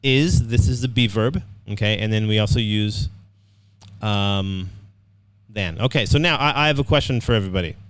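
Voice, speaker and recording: A man's voice: lowish voice, normal speed, no echo. A man teaching an online English writing class, upbeat, repeating words and often checking in with "okay".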